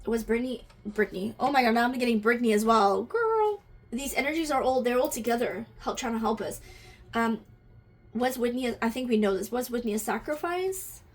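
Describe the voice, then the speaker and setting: A woman's voice: on the high side, brisk. A woman giving an intuitive energy reading to camera, musing aloud, asking questions and talking directly to her viewers, easily moved to emotion.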